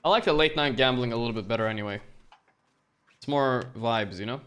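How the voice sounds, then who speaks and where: A male streamer giving live gambling commentary, excitable and profane, swinging between low grumbles and sudden outbursts. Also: brisk, clear, resonant tone.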